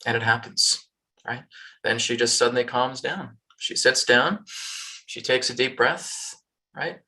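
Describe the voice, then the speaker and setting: A man's voice: mid-range voice, steady tone, measured pace, pushed and bright. A man teaching spiritual healing on a video call. He keeps checking in with "right?" and "okay?" and sometimes acts out worried or pushy people in a raised voice. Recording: distant video call audio.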